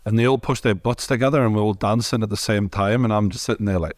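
A man's voice: lowish voice, fast talker, dry recording, studio quality. A man with a Geordie accent hosting a casual interview, laid-back and swearing casually. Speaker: interview host.

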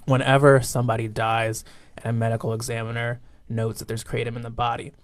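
A man reporter on a news panel, explaining findings in a steady way. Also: medium pitch, brisk, no echo, clean studio sound.

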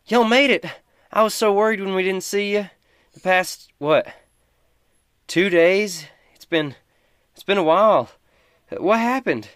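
A man voicing an excited, chatty young woman villager who gushes and stammers. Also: on the high side, normal speed, dry recording, studio quality, pitched above the performer's own voice, natural voice. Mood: relieved.

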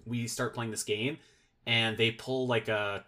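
A man's voice: mid-range voice, flat delivery, a little slow, sharp tone. A man chatting casually as a podcast guest, rambling and filling his sentences with "like" and restarts. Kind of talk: casual chat.

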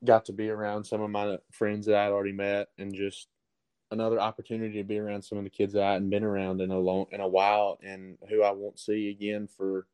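A teenage young man with a thick Alabama accent answers questions casually, pausing often on ums and restarts. His voice sits fairly low and sounds smooth and clear. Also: monotone, darkish tone, poor audio. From Southern US. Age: teens. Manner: halting, with many ums and restarts. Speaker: baseball recruit guest.

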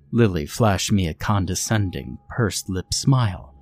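Deep-voiced man narrating horror. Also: animated, unhurried, few pauses, a little mellow.

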